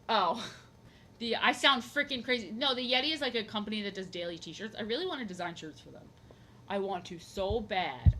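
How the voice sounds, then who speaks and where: A young woman chats casually on her drawing stream, rambling, goofy and repeating herself. Her mid-range voice has a fairly bright tone, with a little hiss or hum in the audio.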